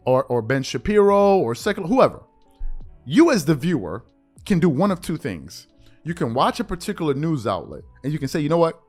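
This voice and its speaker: A man's voice: a little high, very animated, moderate pace, soft background music. A man hosting a sports show, delivering an exasperated opinion monologue full of rhetorical questions.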